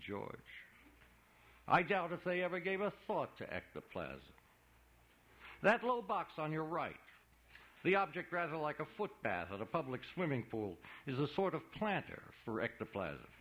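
A man voicing an excitable male museum guide who talks in theatrical, gushing patter. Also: a little high, moderate pace, lo-fi sound, pitched above the performer's own voice. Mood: showman. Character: showy, excitable male museum guide, eager know-it-all.

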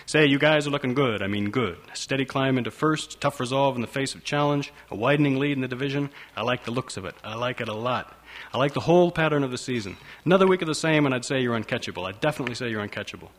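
A man voicing a loud, bossy retired father who lectures his son. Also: medium pitch, expressive, fast, lightly acted. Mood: bluff. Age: older. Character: loud, brusque retired baseball-fan father.

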